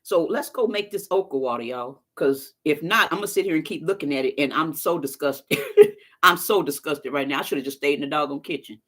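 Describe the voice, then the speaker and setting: On a live stream, a woman vlogger chats casually with her viewers, telling stories in a folksy, talkative way. Her voice sits low and sounds a bit bright, and she talks a little fast, addressing the audience directly.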